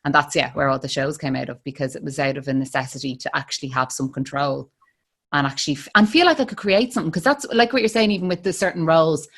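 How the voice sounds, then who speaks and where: A woman in her thirties with an Irish accent hosts a podcast in a loose, rambling chat. Her voice sits fairly low, and she stumbles over restarts and fillers as she thinks aloud. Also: fast, fairly bright tone. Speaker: podcast host. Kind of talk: casual interview chat.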